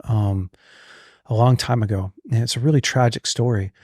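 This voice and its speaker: A man hosting a podcast in casual chat, telling stories and acting out inner thoughts in lively bursts. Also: medium pitch, normal speed, slightly rough, no room sound, studio quality. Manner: animated, acts out inner thoughts. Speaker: podcast host.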